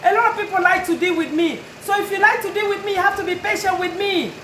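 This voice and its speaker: A woman's voice: very high-pitched, fast talker, a bit bright, echoey room, a little hiss or hum, poor audio. A woman who runs a notary business, speaking straight to her customers in an earnest, pleading but firm way. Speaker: notary and tag and title business owner. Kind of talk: direct-to-camera talk to customers.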